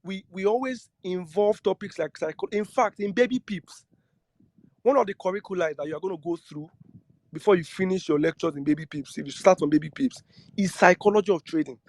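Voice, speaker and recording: A man's voice: sits high, no echo. A man giving an earnest lecture on trading psychology, often repeating himself and asking listeners questions. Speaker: trading teacher. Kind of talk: lecture-style talk to trading students.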